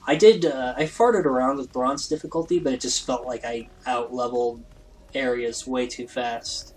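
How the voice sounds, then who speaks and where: Male let's play host, casual rambling commentary, self-deprecating, average pitch. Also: fairly even intonation, normal speed, poor audio.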